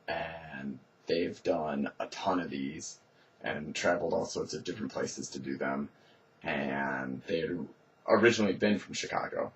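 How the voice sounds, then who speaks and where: A man narrating his run through a city chase game in a casual, lively storytelling voice, acting out the shouts he heard. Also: deep voice. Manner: lively retelling, acts out quoted shouts.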